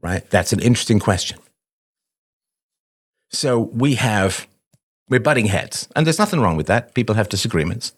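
He has a fairly low, slightly breathy voice with lively intonation, a moderate pace and long pauses. Hosting a live call-in show, he answers a caller with conversational parenting advice, rhetorical questions and repeated "right?", acting out how a parent and child might talk.

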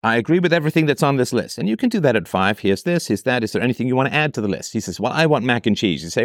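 A man's voice: mid-range voice, big pitch swings, very fast, hardly any pauses, no echo, clean studio sound. A man hosting a commentary, reading out a parent's letter and arguing against it with rhetorical questions. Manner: argumentative, rhetorical questions, mocking quoted voices. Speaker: host reacting to a listener's letter.

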